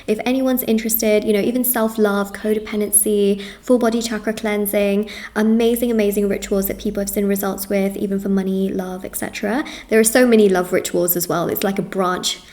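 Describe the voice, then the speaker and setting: A woman's voice: medium pitch, steady tone, darkish tone. A woman reading tarot cards for her viewers, talking in an earnest, reassuring way, repeating herself and running through lists. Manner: lists things in quick runs. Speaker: tarot reader.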